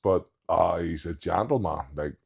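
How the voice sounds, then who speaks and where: The recording is muffled, capturing a man's low, slightly slow voice that is creaky and darkish with a breathy edge. He is a professional strongman guesting on a podcast, chatting casually through anecdotes and quoting others as he performs their lines.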